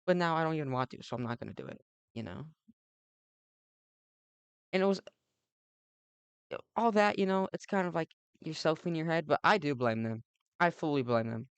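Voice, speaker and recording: A man's voice: fairly high pitch, lively intonation, normal speed, long pauses, clean tone, no echo, dull audio. A young man hosting a let's play, rambling through a comedic monologue with ironic asides, swearing, and lots of fillers.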